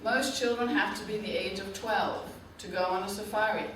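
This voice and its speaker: Woman, guest lecturer, clear teacherly pace, distant mic, echoey classroom. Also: medium pitch, steady tone, fairly bright tone, a little hiss or hum. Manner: slow, clear teaching talk, checks in with frequent "okay?". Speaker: tour operator director giving a guest lecture. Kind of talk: classroom presentation to students. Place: university classroom.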